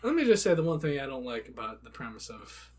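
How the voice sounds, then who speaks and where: A man's voice: medium pitch, very animated, fast talker, darkish tone. A man co-hosting a casual gaming podcast, joking crudely and rambling through his points. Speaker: podcast co-host. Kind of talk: casual chat.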